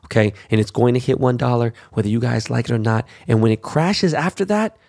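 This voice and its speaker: Brash, swearing gravelly-voiced man. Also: medium pitch, fairly quick, a little mellow. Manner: brash, cursing constantly. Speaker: show host. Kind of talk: profane ranting monologue.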